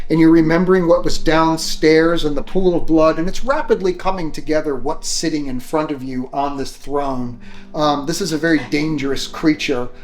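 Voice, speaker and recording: Casual game master, higher voice. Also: male voice, rough recording. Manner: casual, full of fillers like "like" and "um". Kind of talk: narrating a tabletop game.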